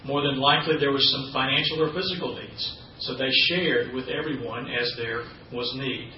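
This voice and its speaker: A man's voice: medium pitch, normal speed, slight background noise. A man preaching a sermon in a church, teaching in a conversational way with folksy asides. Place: church sanctuary. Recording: roomy, distant, dull church recording.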